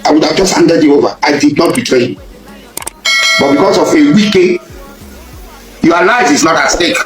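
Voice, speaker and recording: A man with a Nigerian accent giving an impassioned public speech, accusing a rival and repeating his points, at times rising to a shout. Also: fairly high pitch, normal speed, pauses often, roomy sound, soft background music, poor audio. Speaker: public speaker addressing a rival.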